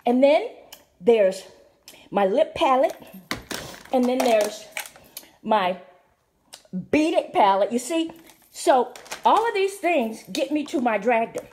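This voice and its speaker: Campy, hoarse middle-aged woman host. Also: high voice, expressive, slow, long pauses, darkish tone, slight background noise. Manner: campy, playful and flamboyant. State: hoarse from a sore throat. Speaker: show host. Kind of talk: casual chat to camera.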